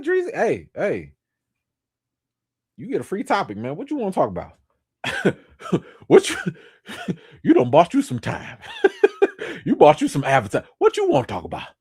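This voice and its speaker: A man's voice: medium pitch, slightly rough. Guy on a livestream, chill slangy chat, voice swings way up and down, keeps saying thanks. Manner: effusive, thanks donors over and over; laid-back slangy talk with bursts of excitement. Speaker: livestream host.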